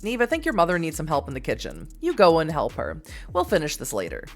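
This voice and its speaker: A woman reading the lines of a calm, fatherly adult man in a text game. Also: sits low, quick pace, faint music behind, full character voice.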